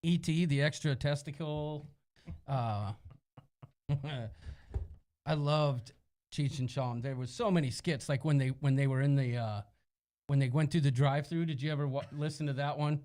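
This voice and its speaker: A Midwestern American man co-hosting a casual live-stream chat, jokey and animated, reading out viewer comments. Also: fairly high pitch, moderate pace. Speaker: co-host.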